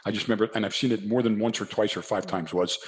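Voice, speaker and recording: A man's voice: fairly low pitch, fast talker, noisy background. An older man from New Jersey, a podcast guest, telling a story and acting out both sides of the talk. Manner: animated storyteller acting out dialogue. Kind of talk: casual storytelling interview.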